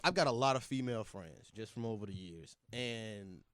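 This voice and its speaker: A man's voice: lowish voice, animated, normal speed, a bit bright, smooth, no room sound, clean studio sound. A man co-hosting a podcast in casual chat, laying out his thoughts step by step. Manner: reflective, explains points step by step. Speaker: podcast co-host.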